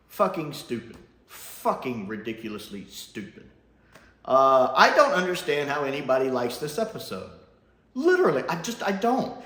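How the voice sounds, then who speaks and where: A man's voice: mid-range voice, pushed and bright. A man giving a casual, profane review rant as a YouTube reviewer, swinging between scorn and delight. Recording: roomy room echo.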